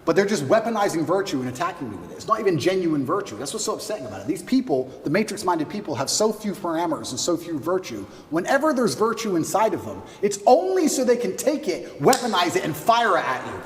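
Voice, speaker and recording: Fast, high-pitched, emphatic man in an echoey room. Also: big pitch swings, slight background noise. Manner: emphatic, boastful, profane, repetitive lists. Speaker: interview guest. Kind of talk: heated interview talk. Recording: echoey room, voice far from mic.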